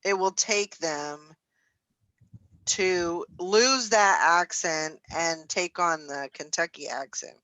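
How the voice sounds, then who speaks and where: A woman's voice: fairly low pitch, slow pace, a bit bright, no room sound, rough recording. A woman co-hosting a casual chat, giving brief agreeing replies and reading out comments.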